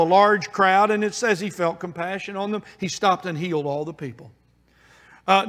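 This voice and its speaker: Male preacher, earnest and pleading, high voice, long hall reverb. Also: fairly bright tone. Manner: earnest, pleading, with emphatic repetitions. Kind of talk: sermon.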